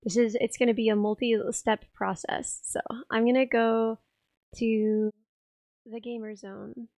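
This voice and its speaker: A young woman with a hoarse, raspy voice, chatting casually on a live stream and laughing as she reads chat. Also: fairly high pitch, level tone, a little slow, darkish tone, dry recording. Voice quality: rough, raspy voice. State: hoarse, tired voice.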